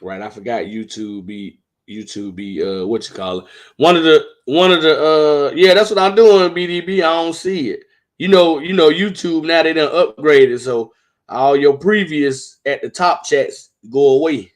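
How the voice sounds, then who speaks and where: Man, live stream host, casual chat, animated, talkative. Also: a little high, normal speed.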